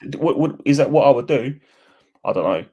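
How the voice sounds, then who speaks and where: A man co-hosting a casual football podcast over a remote call, relaxed, rambling and cheeky. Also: medium pitch, brisk, muffled recording. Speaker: podcast co-host.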